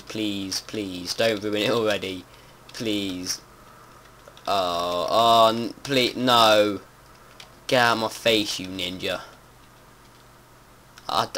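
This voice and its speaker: A young-sounding man chats his way through a survival game at home, his voice sitting low. He swears freely and breaks into panicked shouts when startled, with faint outdoor noise and keyboard tapping behind him. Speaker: gameplay commentator. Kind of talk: casual let's-play commentary. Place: home room with window open. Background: faint outdoor noise and keyboard typing.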